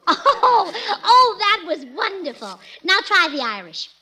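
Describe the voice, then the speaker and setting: A high, bright woman's voice bounces through a 1940s radio comedy with a scatterbrained, earnest delivery. Her lines lurch up and down in pitch, and her tone stays sunny and crisp throughout. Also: big pitch swings, unhurried, poor audio.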